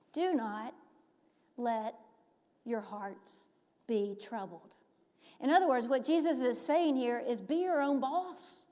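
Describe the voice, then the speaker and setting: Woman pastor, slow deliberate sermon, higher voice, hushed whispers and emphatic lifts, long church reverb. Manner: dramatic drops to a hushed whisper on key phrases; emphatic, rising on stressed points. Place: church sanctuary.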